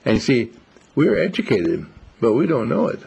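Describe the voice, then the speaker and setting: A man giving a slow, musing, reflective monologue, telling stories as he goes. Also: medium pitch, wildly swooping pitch, creaky, darkish tone, breathy edge. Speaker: speaker.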